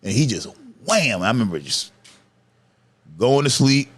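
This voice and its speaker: A man's voice: mid-range voice, sing-song, unhurried. A man in his thirties telling stories in a casual, profane podcast chat, laughing as he goes. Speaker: podcast guest, comedian.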